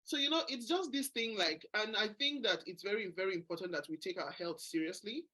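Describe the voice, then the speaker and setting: A woman's voice: mid-range voice, a little fast, husky. A woman in her forties hosting a book club discussion, telling candid stories and quoting the people in them. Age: 40s. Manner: candid, animated storytelling with quoted voices. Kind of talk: casual group discussion.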